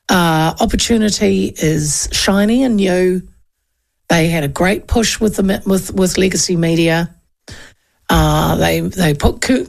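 A New Zealand woman in her fifties hosts a talk radio show with a gravelly, fry-tinged voice. She talks through the polls in a loose, chatty way, full of fillers. Her pitch sits in the middle range for a woman. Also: darkish tone. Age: 50s. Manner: chatty, digressive, with frequent fillers and laughs. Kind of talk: casual political commentary.

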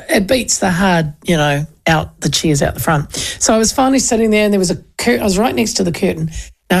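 A woman with a New Zealand accent hosts talk radio in a low, gravelly, slightly rough voice. She rambles chattily through a casual news rundown, restarting her sentences often.

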